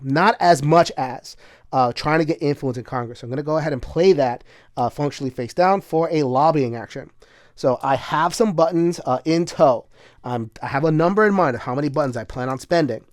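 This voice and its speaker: A man's voice: on the high side, dry recording, clean studio sound. A man casually talking through a solo board game, chatty and full of filler words, bursting into laughter now and then. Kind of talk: casual solo playthrough commentary.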